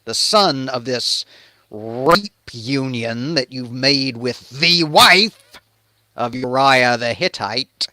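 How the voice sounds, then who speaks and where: A man's voice: mid-range voice, bright, forceful tone, no echo, heavily acted. A man voicing a blunt, impatient male prophet who talks in casual slang.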